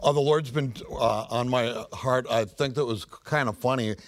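A man, a father, sharing in a church group in an easygoing, slightly halting way. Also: medium pitch. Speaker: group member.

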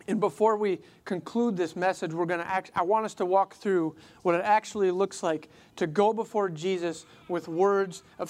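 A pastor giving a sermon in an earnest, conversational way, with frequent casual fillers. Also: mid-range voice.

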